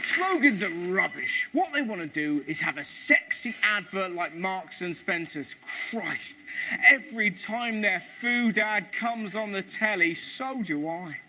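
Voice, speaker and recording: A man with a very high voice rattles through a comedy news monologue, quick and jokey. Loud noise sits under everything he says. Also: expressive. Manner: quick jokey delivery with sudden put-on voices. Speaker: comedy show host.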